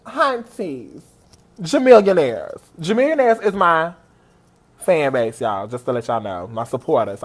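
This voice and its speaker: A man telling an excited personal story on his vlog, gushing and animated and speaking straight to his viewers. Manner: animated and gushing, big pitch swings, talks straight to viewers. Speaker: vlogger.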